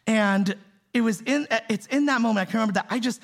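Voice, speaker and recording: A man's voice: sits high, fast talker. A man preaching a sermon as pastor, emphatic and conversational, repeating key phrases and checking in with "right?" and "see?". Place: church in the Bay Area.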